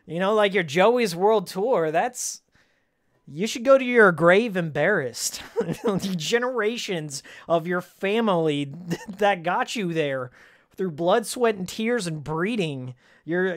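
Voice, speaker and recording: This man's voice is high, animated, slow and a bit bright. While playing a video game on stream, he talks casually with viewers, ranting heatedly and sarcastically between frequent laughs.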